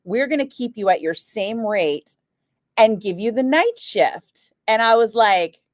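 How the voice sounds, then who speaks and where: A woman radio DJ chatting casually, telling an animated story and acting out what others said, with lots of "like" fillers. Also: a little high, unhurried, no room sound, clean studio sound. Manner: animated, acts out quoted voices, frequent "like". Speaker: radio DJ chatting with a live stream. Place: radio studio. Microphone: studio microphone.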